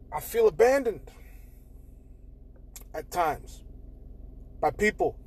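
A young man hosting a casual solo podcast, talking candidly and with plenty of swearing, swinging between loud bursts and quiet mutters. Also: a little high, breathy edge. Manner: candid, profane, shifts between loud outbursts and quiet mumbling. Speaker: podcast host.

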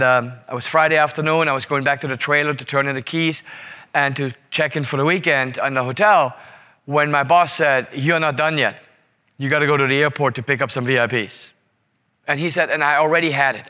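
A man's voice: on the high side, sharp tone. A man speaking as a leadership seminar presenter, telling a story to the room with emphatic repetition and frequent "right?" checks. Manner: emphatic, repeats words and asks "right?".

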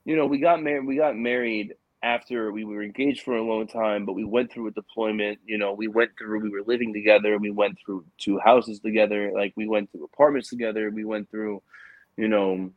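A man in his thirties in casual podcast chat, telling animated stories full of fillers. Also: on the low side, a little fast, no room sound, narrow, tinny audio. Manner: animated storyteller, many fillers like "like" and "you know".

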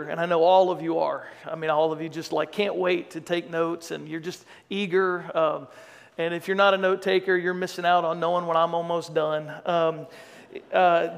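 A man's voice: a little high, creaky. A male pastor preaching a sermon, reading scripture dramatically and slipping in joking asides. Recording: long reverb of a large hall.

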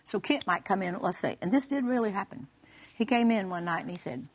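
This guest speaker on a Christian broadcast has a mid-range voice and talks a little fast. She relates a humorous personal testimony with spirited storytelling, performing the dialogue and laughing as she tells it.

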